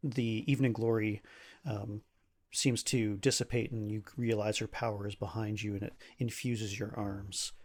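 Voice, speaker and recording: Husky-voiced man running a tabletop game. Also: fairly low pitch, steady tone, a little mellow. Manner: halting, with many fillers and restarts. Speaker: game master.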